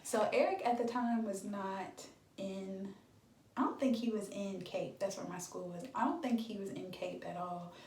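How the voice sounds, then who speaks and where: A woman's voice: mid-range voice, moderate pace, a little mellow, recorded from a distance, slight background noise. A young woman in her twenties telling a dramatic storytime on her vlog, chatty and full of fillers. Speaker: beauty vlogger. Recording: echoey room, voice from off-mic.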